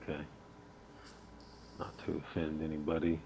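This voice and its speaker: A man's voice: very deep voice, monotone, vocal fry, mellow, slight background noise. A man co-hosting a casual talk show with a laid-back manner. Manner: laid-back, quick to laugh. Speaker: podcast co-host. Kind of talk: casual chat.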